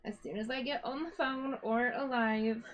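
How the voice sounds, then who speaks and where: A woman's voice: on the high side, steady tone, moderate pace, dull audio, a crowd in the background. A woman hosting a yarn-dyeing live stream, chatting casually, greeting viewers one by one and a little out of breath. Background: a dog whining now and then.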